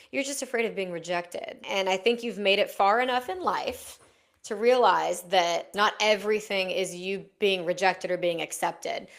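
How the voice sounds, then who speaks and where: A young adult woman hosting a casual self-help podcast, chatty and frank, often slipping into quick acted-out inner dialogues. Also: medium pitch, gravelly. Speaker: podcast host.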